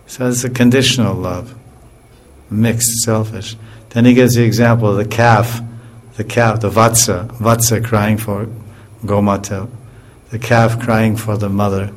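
A man giving an informal scripture class in a relaxed way, with chuckles and frequent fillers and restarts. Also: lowish voice.

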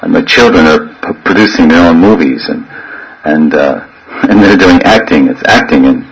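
A man with a very low voice gives a loose, storytelling devotional class, circling around his points. He breaks into playful imitations of wailing children and yelping dogs. A faint background noise runs under the recording. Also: moderate pace, poor audio. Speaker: spiritual teacher. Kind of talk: informal devotional class talk. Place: living in a holy town in India.

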